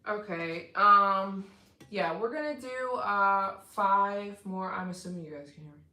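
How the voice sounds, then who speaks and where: A woman's voice: medium pitch, a little slow, pushed and bright, reverberant. A woman live streaming, chatting casually with viewers and thanking them for donations, tired and yawning.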